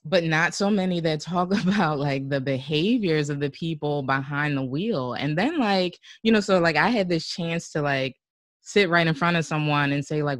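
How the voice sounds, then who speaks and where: A woman's voice: low-pitched, moderate pace, no room sound. Woman guest, casual podcast chat, filler-heavy, giggly, dry close mic. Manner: chatty, heavy use of "like" and "you know", laughs often. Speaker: podcast guest, driving show host. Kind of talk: casual conversational interview.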